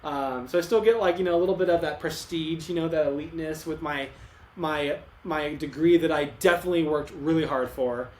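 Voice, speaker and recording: A man's voice: fairly high pitch, brisk. A young man co-hosting a podcast, telling his story in casual talk with many restarts and emotional moments. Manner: rambling, restarts often, emotional retelling. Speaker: podcast co-host. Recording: echoey room, faint ambient noise.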